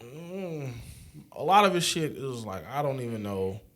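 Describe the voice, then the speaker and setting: A man's voice: medium pitch, big pitch swings, normal speed, a bit bright. Podcast co-host, man, blunt and repetitive, casual review talk. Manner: blunt, repeats himself while telling a story. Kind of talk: casual album review chat.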